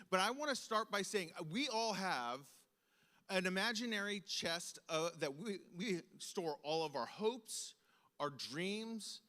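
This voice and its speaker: A man's voice: fairly high pitch, lively intonation, normal speed, sharp tone. A young man telling a story from his childhood to a room of students, acting out the voices in it. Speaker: speaker to students. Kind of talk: storytelling talk. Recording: long hall reverb.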